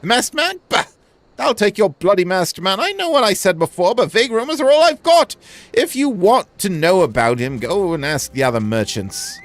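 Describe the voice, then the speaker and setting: Man putting on a high, fretful merchant voice. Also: big pitch swings, normal speed. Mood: gruff. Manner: wheedling, fretful sales talk. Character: anxious struggling small-time male merchant.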